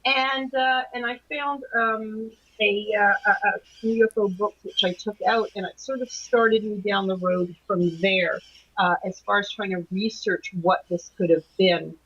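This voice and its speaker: A middle-aged woman recounting a strange night in an interview, her voice slightly husky and breathy. She hesitates, fills pauses and restarts her sentences as she goes. The sound is muffled and lo-fi, like a remote call. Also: mid-range voice, fairly even intonation, a bit bright. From Canada. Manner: hesitant, many restarts and fillers. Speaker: guest, anomalies researcher. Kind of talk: recounting a personal experience in an interview. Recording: dull lo-fi call audio.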